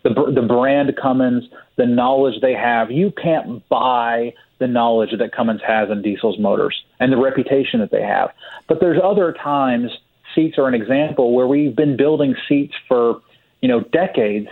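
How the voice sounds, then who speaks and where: A man's voice: mid-range voice, normal speed. A man on a podcast as a guest from a truck maker, telling stories in a drawling, hearty way. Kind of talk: casual podcast chat. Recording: tinny phone line.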